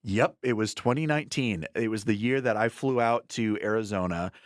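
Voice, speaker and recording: A man's voice: fairly low pitch, no room sound, clean studio sound. A man co-hosting a casual chat, telling stories with wry asides. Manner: wry, storytelling, quick asides. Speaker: podcast co-host.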